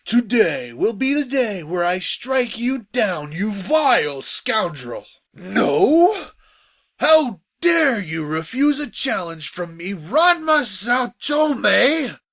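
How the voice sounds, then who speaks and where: A performer voicing a pompous young male high school fencer who speaks in grandiose, theatrical challenges. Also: sing-song, takes it slowly, fairly bright tone, full character voice. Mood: bombastic. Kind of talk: fan radio play acting.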